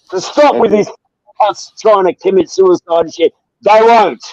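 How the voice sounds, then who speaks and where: A man's voice: high-pitched, normal speed, a little mellow, no room sound, lo-fi sound. A man with an Australian accent ranting on a livestream panel, swearing constantly and talking over others. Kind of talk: heated livestream panel talk.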